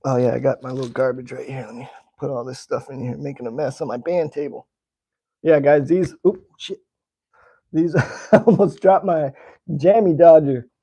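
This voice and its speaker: A man's voice: medium pitch, fairly even intonation, normal speed, dark tone, breathy edge. Easygoing American man chatting on stream. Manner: chatty, easygoing, answers viewer comments. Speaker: slingshot channel host. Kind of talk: casual live-stream chat, tasting candy.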